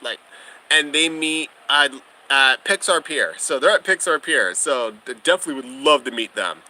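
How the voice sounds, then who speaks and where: A man's voice: fairly high pitch, animated, normal speed, sharp tone, rough recording. A young man hosting a casual livestream, chatting with viewers in a bubbly, gushing way and laughing often. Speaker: livestream host.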